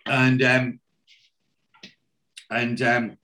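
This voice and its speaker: A man talks through a TV episode in a loose, animated way. He keeps dipping into quoted lines, then drops back into his own casual, swearing commentary. His voice sits at an ordinary middle pitch. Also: extremely slow. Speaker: podcast co-host recapping a TV series. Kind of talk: casual chat, retelling scenes with quoted dialogue.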